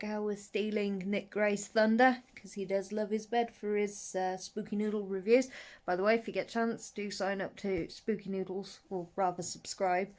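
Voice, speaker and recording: A woman from the English West Midlands with a faded Brummie accent, chatting casually and rambling in a home vlog about horror movies. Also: mid-range voice. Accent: faded Brummie / Black Country. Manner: chatty, rambling, lively with frequent asides. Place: at home, settled under a blanket.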